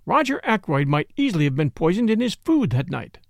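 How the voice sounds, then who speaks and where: A man's voice: high-pitched, very animated, a little fast, vocal fry, dry recording, studio quality, full character voice. A man voicing a nosy, knowing middle-aged spinster who talks insistently and mysteriously.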